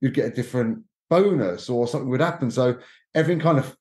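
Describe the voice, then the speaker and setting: A man's voice: medium pitch, fast talker. A man chats as a podcast guest, telling stories with feeling and acting out what others said. His voice sits in a noticeably roomy, echoey space. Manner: animated, emotional storyteller who acts out quotes. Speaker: podcast guest, cruise content creator. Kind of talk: casual storytelling chat. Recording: roomy echo.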